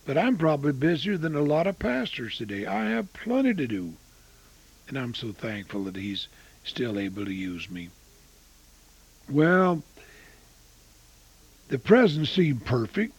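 Husky, slow-talking elderly man preaching. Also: fairly high pitch, big pitch swings, low-quality recording. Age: 80s. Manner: swings between loud exclamations and hushed asides. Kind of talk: storytelling sermon.

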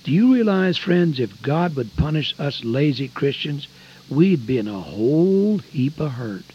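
An older radio preacher gives a folksy sermon in a husky, slightly raised voice that leaps up and drops low for emphasis, very animated but unhurried. He shifts between loud, pressing phrases and quiet, hushed ones. The recording is dull and lo-fi, like old radio.

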